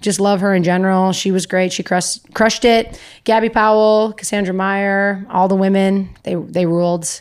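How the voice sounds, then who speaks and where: A woman's voice: mid-range voice, level tone, normal speed, hardly any pauses, smooth. A young woman co-hosts a podcast in easygoing chat. Her voice sits in a plain middle register. She sounds upbeat and chatty, with lots of casual fillers. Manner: chatty, upbeat, full of "like" and "you know". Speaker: podcast co-host.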